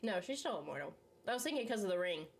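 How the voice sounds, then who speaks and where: A woman's voice: mid-range voice, sing-song, fast, a little hiss or hum. A young woman hosting a casual chat, rambling and filler-heavy, full of "like" and laughs. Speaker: channel host. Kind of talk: casual chat reacting to a series while eating.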